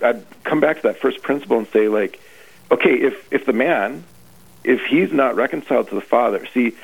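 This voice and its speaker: A man's voice: mid-range voice, vocal fry, husky. A man, a priest leading a retreat, preaching earnestly on a radio show and often restarting his phrases. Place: radio broadcast. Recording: tinny phone-like radio line.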